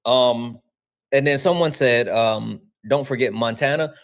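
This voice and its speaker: Profane, animated male livestream host. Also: medium pitch, a little slow. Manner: profane, animated, laughing often. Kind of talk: casual livestream chat.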